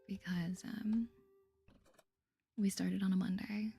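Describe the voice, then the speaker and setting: A woman hosting a cozy game playthrough in soft ASMR whispers, chatty and easily amazed. Her voice is husky with a gravelly edge and a dark, mellow tone. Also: mid-range voice, level tone, takes it slowly, soft background music. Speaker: gaming channel host.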